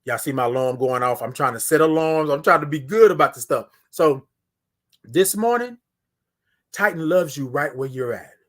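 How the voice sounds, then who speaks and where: A man hosting a live-streamed morning show, talking in a preachy, affirming way, repeating his lines and swinging from loud to hushed. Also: fairly high pitch, lively intonation, normal speed. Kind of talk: motivational live-stream talk.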